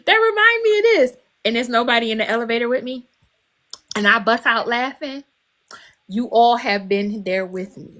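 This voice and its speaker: A woman's voice: mid-range voice, fairly bright tone. A woman guest author chatting on a podcast, emotional and candid, laughing often and swearing freely. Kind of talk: casual podcast chat.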